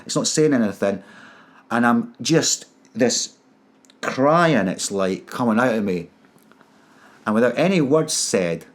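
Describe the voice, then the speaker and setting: A man telling his personal story in an interview, earnest and emotional, often stopping to repeat and restart his words. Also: lowish voice. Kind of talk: personal testimony.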